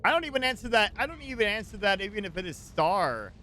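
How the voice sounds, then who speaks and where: Bright, lively male streamer, playful. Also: high voice, quick pace, soft background music. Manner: playful, teasing, greets with pirate slang. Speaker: streamer hosting a game session. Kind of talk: casual chat with friends on voice chat.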